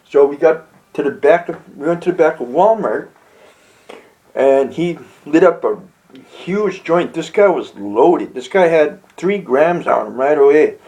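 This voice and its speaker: A young man rambles through a homemade comedy story, tripping over and repeating his words. His voice sits a little high, and he chuckles at his own punchlines. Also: animated, mellow, dull audio. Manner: halting, repeats words, laughs at own jokes. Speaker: amateur comedy vlogger.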